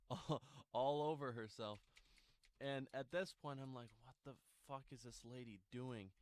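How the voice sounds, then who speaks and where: Young guy doing a storytime vlog, rambly, smooth voice, dry close sound. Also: medium pitch, no echo. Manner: rambling, filler-heavy with many "like"s and restarts. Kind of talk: casual storytime monologue.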